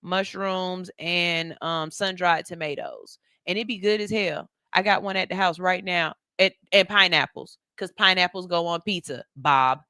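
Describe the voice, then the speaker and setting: Middle-aged lady on a studio mic, low-ish smooth voice, dry sound, chatty and slangy. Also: measured pace, few pauses, no echo. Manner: chatty, animated, laughing, slangy. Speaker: radio show host. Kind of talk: casual chat reading viewer comments. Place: radio studio.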